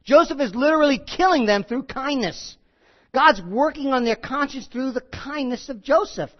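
A man preaching a sermon in a conversational, animated way, with frequent asides. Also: extremely high pitch, normal speed, dull audio. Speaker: pastor.

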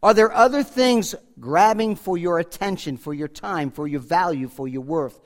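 A pastor preaching a sermon, emphatic, often dropping to a hush and asking the congregation direct questions. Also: male voice, a little high, moderate pace. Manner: emphatic preaching, swings from loud to hushed.

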